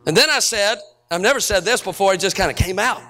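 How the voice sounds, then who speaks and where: A middle-aged man preaching as a pastor, telling stories to his congregation and rising to shouted peaks. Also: sits high, fast talker. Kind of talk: sermon.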